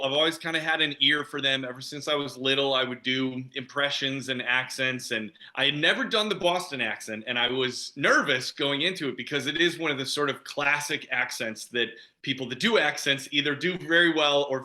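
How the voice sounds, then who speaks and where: A man's voice: medium pitch, normal speed, few pauses, bright, forceful tone. A man being interviewed as an actor guest over a video call, chatting casually with frequent laughs and "you know" fillers. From Chicago.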